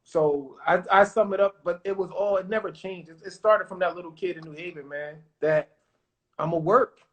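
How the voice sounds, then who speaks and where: High-voiced man telling stories. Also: moderate pace, lo-fi sound. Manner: animated, acts out quotes, confident. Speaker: podcast guest, former pro basketball player. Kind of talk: casual storytelling interview.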